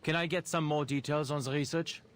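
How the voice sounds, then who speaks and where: A composed young male cryptographer from a game, delivered in measured, dry lines, as an actor plays him. His voice sits fairly high for a man. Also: steady tone, a little hiss or hum, close to an everyday voice. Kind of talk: game voice acting.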